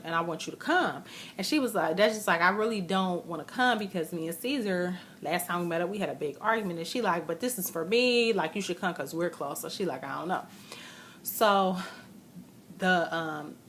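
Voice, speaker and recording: Chatty woman with a low voice. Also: a bit bright, a little hiss or hum. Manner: chatty, retells scenes with quoted voices. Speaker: vlogger recapping a reality show. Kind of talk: casual recap chat.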